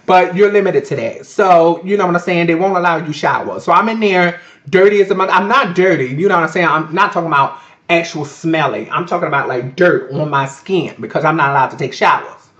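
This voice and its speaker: A man's voice: fairly high pitch, brisk, a bit bright. A man vlogging to a webcam in an indoor room, telling a story casually, chatty and profane. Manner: profane, chatty, addresses viewers as "Miss Girl". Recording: echoey, dull lo-fi webcam audio.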